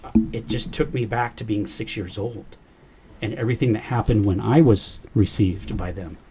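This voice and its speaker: A man's voice: fairly low pitch, darkish tone, slight background noise. A man, a podcast guest, earnestly recounting a personal experience and quoting the dialogue as he goes. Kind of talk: personal storytelling in a podcast interview.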